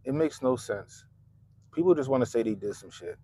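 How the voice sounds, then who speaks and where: A man hosting a profane political commentary rant, mocking and animated, with sudden loud jumps and muttered asides. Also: medium pitch, normal speed, slightly rough. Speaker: commentary channel host.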